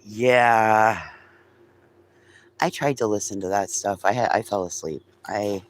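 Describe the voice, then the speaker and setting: Man, low voice, casual rambling live chat, talks to viewers and pets. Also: slow. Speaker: vlogger.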